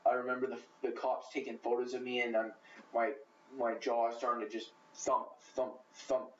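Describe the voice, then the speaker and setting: A man's voice: mid-range voice, flat delivery, moderate pace, slight background noise. A man telling his own story in an interview, blunt and profane, rambling with fillers. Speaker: interview guest. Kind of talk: candid personal storytelling. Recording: rough, quiet, muffled, echoey, from far off.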